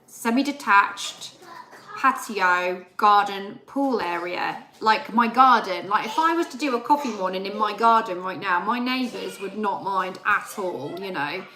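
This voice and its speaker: A woman's voice: mid-range voice, lively intonation, measured pace, sharp tone, roomy sound. A young adult woman, chatting casually on a live stream and telling a story with re-enacted dialogue. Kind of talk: casual chat.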